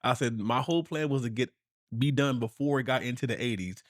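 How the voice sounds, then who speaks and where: A man, co-hosting a podcast, telling stories in a relaxed way and laughing often. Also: mid-range voice, fairly quick, no echo, studio quality. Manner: laid-back storytelling, laughs often. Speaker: podcast co-host. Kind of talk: casual chat.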